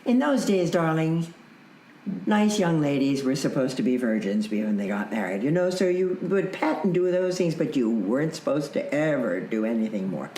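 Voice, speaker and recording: Animated storyteller woman in her eighties. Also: low voice, moderate pace, reverberant, a little hiss or hum, rough recording. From Canada. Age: 80s. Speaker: interview guest, veteran actress. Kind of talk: telling a personal story in a casual interview.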